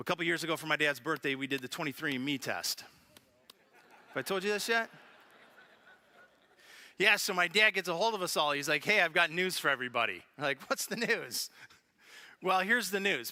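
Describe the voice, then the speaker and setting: A man preaching a sermon as pastor, telling funny family stories with lively animation. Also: on the high side. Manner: storytelling with humor, animated. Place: church sanctuary.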